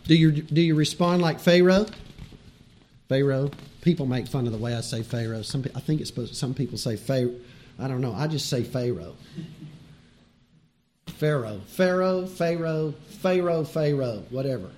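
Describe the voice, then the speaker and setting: A man's voice: mid-range voice, fairly quick, a little mellow, slight background noise. A man preaching a sermon in a conversational, emphatic way, with chuckles between his points.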